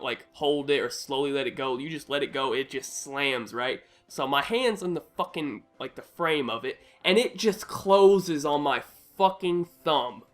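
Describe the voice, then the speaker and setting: Profane young man telling a story. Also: on the high side. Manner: profane, animated, frequent "right?" tags. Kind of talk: casual storytelling.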